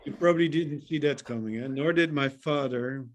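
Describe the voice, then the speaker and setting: A man's voice: on the high side, normal speed, dull audio. A man from the Netherlands with a Dutch accent doing a stand-up set over a video call, joking and laughing at his own lines. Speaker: stand-up comic.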